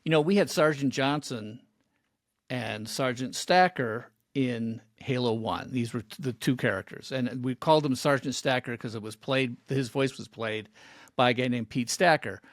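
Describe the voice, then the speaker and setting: Halting man hosting a podcast. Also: mid-range voice, dry recording, clean studio sound. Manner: halting, restarts often, reminiscing. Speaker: podcast host. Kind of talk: casual podcast conversation.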